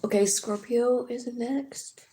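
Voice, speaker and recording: With a voice on the high side yet dark in tone, this tarot reader talks slowly and steadily through a casual reading, profane and candid, full of fillers. There's a roomy echo on the recording plus a little hiss or hum.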